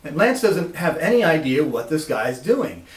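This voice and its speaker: A man telling a personal story in a lively, animated way, recorded from a distance in an echoey room. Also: on the high side, moderate pace, noisy background. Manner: animated, lively, acts out voices.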